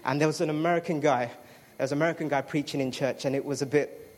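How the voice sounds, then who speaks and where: A man's voice: on the high side, steady tone, fast. A man giving a chatty personal testimony to a congregation, with fillers and restarts. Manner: chatty storytelling with fillers and self-interrupting apologies.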